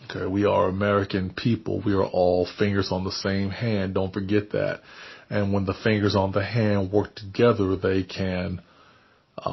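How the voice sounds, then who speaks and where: A man hosting his channel, giving earnest commentary in a measured, deliberate way with frequent pauses. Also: on the low side, vocal fry, breathy edge, dull audio. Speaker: channel host. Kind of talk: earnest spoken commentary to camera.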